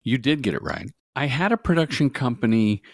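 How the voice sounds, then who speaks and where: A middle-aged man telling stories in an interview, jokey and self-deprecating, his voice swinging up and down in mid-range pitch. He is recorded close on a dry mic with no room sound. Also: lively intonation, brisk, dry recording. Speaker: guest, commercial director. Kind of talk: casual interview storytelling.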